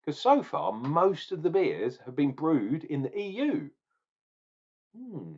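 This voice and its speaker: A man's voice: on the high side, sing-song, slow, darkish tone, husky. Male beer vlogger, rambling asides, muffled lo-fi recording. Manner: rambling, chatty, self-correcting asides. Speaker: beer reviewer. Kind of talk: casual beer review vlog. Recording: dull lo-fi recording.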